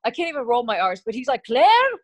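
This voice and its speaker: A middle-aged woman, a TV host, chatting in an interview in an animated way, laughing often and restarting her sentences. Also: fairly high pitch, racing. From Korean heritage. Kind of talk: casual interview chat.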